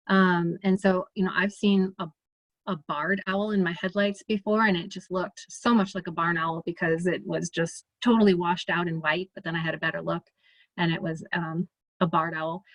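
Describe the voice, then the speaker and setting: A woman with a Midwestern American accent gives a casual talk, chatty and relaxed, circling back with small fillers and restarts. Her voice sits at a middle pitch and is recorded dry and close, with no room sound. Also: no echo, muffled recording. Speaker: ornithologist giving a talk. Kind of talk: casual presentation.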